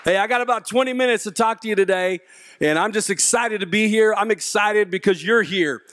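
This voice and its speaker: Animated, high-pitched male motivational speaker. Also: a little fast, dry recording, studio quality. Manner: animated storyteller, acts out voices and jokes. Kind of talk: comedic motivational speech to teens. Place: large auditorium with a young audience.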